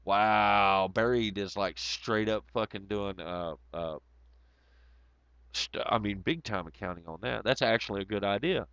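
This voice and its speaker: A man's voice: on the low side, measured pace, a bit bright, clean tone, no echo. A man hosting a casual livestream, reading chat comments aloud and rambling in a profane, sarcastic way. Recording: dull lo-fi audio.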